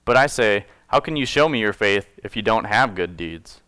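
The pastor's lowish voice is expressive, sharp, and clean, moving at normal speed with no room sound. He preaches conversationally, reading scripture, joking with the congregation, and self-correcting as he explains.

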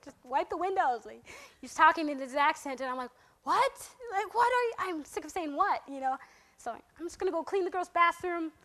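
A young woman with a high voice tells a personal story to a group in a relaxed, chatty way. She fills it with ums and laughs. She jumps into playful quoted voices as she goes. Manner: animated, acts out quotes in a raised voice, laughs often. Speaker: speaker sharing a testimony. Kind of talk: casual storytelling talk.

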